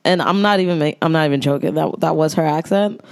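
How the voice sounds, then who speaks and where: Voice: mid-range voice, fast talker, creaky, no room sound, clean studio sound. A podcast co-host, telling stories in casual, slangy chat and laughing often. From New York. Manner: laid-back storytelling, slangy, laughs often.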